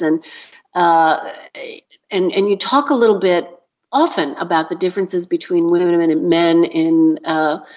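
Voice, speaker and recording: Female radio host, affirming interviewer, low register, muffled audio. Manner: enthusiastic, affirming.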